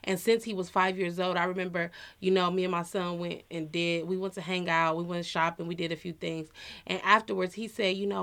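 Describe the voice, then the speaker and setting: A woman in her thirties sharing personal experiences on a podcast, her voice sitting on the low side. She speaks in an earnest, heartfelt way and leans on easy fillers like "you know" as she thinks aloud. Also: fairly even intonation, brisk, fairly bright tone. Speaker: podcast co-host. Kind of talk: casual personal chat.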